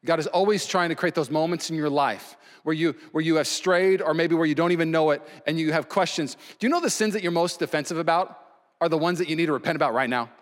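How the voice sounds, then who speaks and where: A male pastor preaching a sermon in a slightly higher voice, emphatic and swinging between loud and hushed. His voice carries a long reverb from a large church hall. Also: quick pace.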